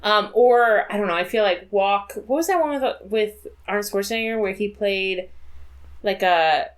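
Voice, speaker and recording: A woman's voice: medium pitch, normal speed. A woman co-hosting a podcast in casual chat, talking loosely and laughing often. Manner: chatty, laughs often, reads quotes aloud. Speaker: podcast co-host.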